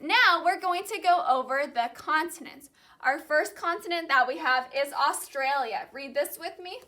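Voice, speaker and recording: High bright teacher drilling vocabulary. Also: female voice. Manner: slow, clearly enunciated drilling of vocabulary. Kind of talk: call-and-repeat classroom lesson.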